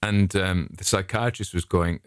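Middle-aged English man, low register, dry close sound, easygoing chatty storyteller who wanders off on tangents. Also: fairly even intonation, measured pace, clean tone, dry recording. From England. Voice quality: chatty anecdotal storyteller, digressive. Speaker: vlogger. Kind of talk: casual rambling monologue.

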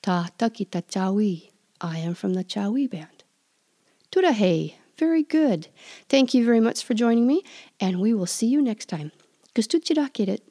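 A woman's voice: medium pitch, lively intonation, mellow, faint music behind. Patient woman teaching a language podcast. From Pawnee community, United States. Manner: patient, repeats words slowly for practice.

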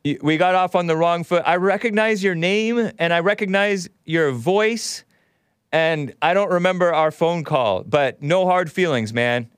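A man's voice: sits high, a little slow, clean tone, no room sound, studio quality. A man hosting a call-in show, talking in a rambling way that often breaks off and laughs. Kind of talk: casual call-in talk.

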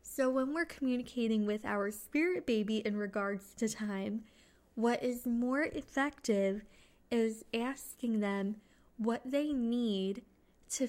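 A woman's voice: on the high side, a little mellow. A young adult woman hosting a solo podcast, talking in an earnest, chatty way with small restarts. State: excited, just home from work. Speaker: podcast host.

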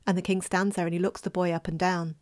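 A woman telling a folk tale in a lively, expressive way, dropping at times into a whisper. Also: on the low side, fast. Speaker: storyteller.

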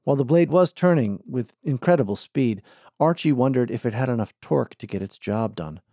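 A man narrates an audiobook in a measured, even storytelling style, reading from a script. His voice is medium-pitched, and the recording is dry and of studio quality.

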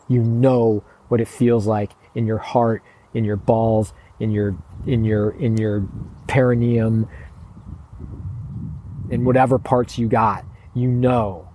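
A man's voice: fairly low pitch, mellow, a little hiss or hum, low-quality recording. A man coaching in a motivational monologue, blunt and profane, pressing his points with urgent, pleading emphasis. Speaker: men's coach.

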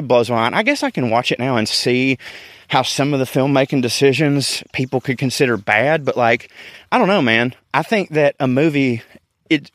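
A man's voice: medium pitch, fairly bright tone, no room sound, studio quality. A man with a Southern US accent, a podcast host talking in a rambling, candid monologue and swearing casually, recorded outdoors in a park.

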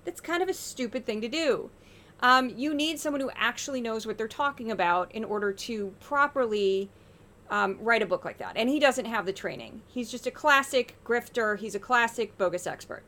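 A woman with a somewhat high voice hosts a media-commentary podcast. She talks with sarcastic exasperation and pointed emphasis. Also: moderate pace, fairly bright tone. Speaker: podcast host.

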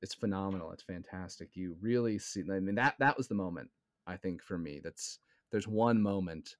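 A man's voice: deep voice, moderate pace, dry recording, clean studio sound. A man in a casual film discussion, speaking earnestly and often checking in with his listener. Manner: earnest, keeps checking in with "right?". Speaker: podcast co-host.

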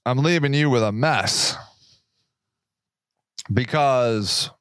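A man's voice: mid-range voice, slow pace, a bit bright, clear, resonant tone, dry recording, clean studio sound. A man hosting his own podcast, talking alone in a rambling, sarcastic way and laughing at his own jokes. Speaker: podcast host. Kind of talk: casual monologue.

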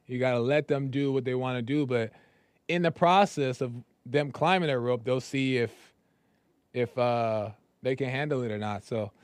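A man's voice: mid-range voice, clean tone, dry recording. A man hosting a call-in podcast, talking casually and emphatically in slang. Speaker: podcast host.

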